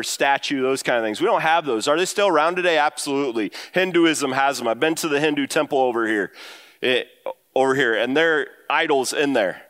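A man preaching a sermon to his church, talking in an animated way that climbs higher when he quotes and drives home a point. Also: clean tone. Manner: animated, rising pitch when quoting and emphasizing. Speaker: pastor. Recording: long hall reverb.

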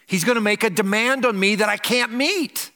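An older man, a pastor, preaching a Christmas sermon in a church, earnest and slowing down to stress key phrases. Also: high-pitched, pushed and bright, big-room sound. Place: church sanctuary.

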